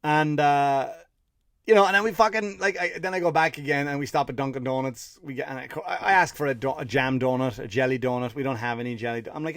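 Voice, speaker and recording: A man's voice: mid-range voice, fast talker, a bit bright, dry recording, studio quality. An Irish man who hosts a comedy podcast, telling a rambling story with profanity and fired-up rants. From Ireland. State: tired after running 50 miles (story).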